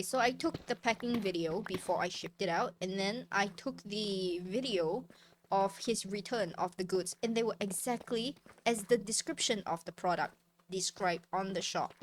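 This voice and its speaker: A woman's voice: medium pitch, noisy background. A woman streamer chatting casually while gaming, ranting and swearing freely. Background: background music.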